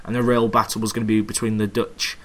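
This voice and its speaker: Guy, bright voice, talks football calmly and analyses it, cracks jokes. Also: on the low side. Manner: measured, analytical, joking. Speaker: podcast co-host. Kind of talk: casual football chat.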